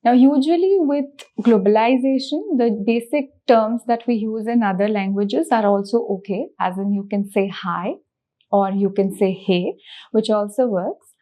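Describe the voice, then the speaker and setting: A woman's voice: mid-range voice, unhurried, warm tone. A woman teaching a language lesson, patiently repeating words and breaking them into syllables. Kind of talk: slow spoken language lesson.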